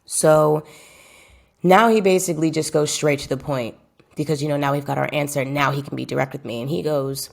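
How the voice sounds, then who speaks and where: Low, gravelly young woman telling a story. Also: steady tone, fairly quick. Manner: emphatic, repeats phrases for effect; addresses viewers directly and chattily. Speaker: footballer vlogging about her career. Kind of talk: casual storytelling vlog.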